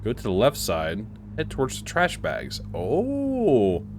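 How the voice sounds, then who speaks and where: A man's voice: lowish voice, sing-song, normal speed, slight background noise. A young man giving casual, hyper Let's Play commentary, chatty and prone to mumbling and laughing. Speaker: gaming YouTuber.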